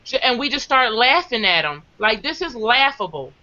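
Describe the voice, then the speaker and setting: A woman telling a story in casual talk, animated, quoting others as she goes. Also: a little high, moderate pace. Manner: animated, quotes others in acted voices. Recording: dull lo-fi sound.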